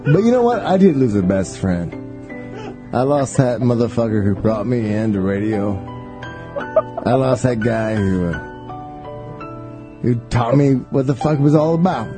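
A man's voice: mid-range voice, animated, a little slow, long pauses, music in the background. A man hosting a radio show, joking and rambling in casual profane banter from the studio. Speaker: radio host.

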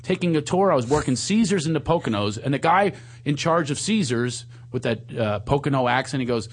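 A man hosting a radio talk show as a comedian, telling stories in a casual way and jumping into higher voices for his impressions. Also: brisk, breathy edge. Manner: animated storyteller who jumps up in pitch for impressions.

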